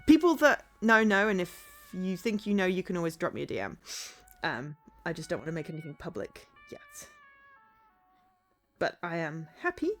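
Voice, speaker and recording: A woman streaming a game, chatting casually in a rambling, easily sidetracked way. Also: on the low side.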